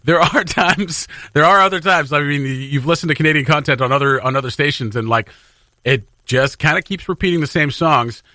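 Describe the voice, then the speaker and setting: A man's voice: on the high side, brisk, bright, forceful tone, no echo. A man hosting a morning radio show in casual, upbeat banter, laughing often, on a studio mic. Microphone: studio microphone.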